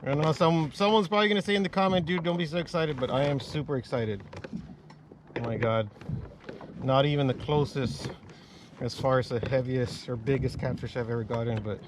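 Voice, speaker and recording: A man vlogging while fishing from a kayak, talking excitedly to viewers and swearing often. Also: medium pitch, a little fast, noisy background. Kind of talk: casual vlog narration. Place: on a kayak outdoors on the water.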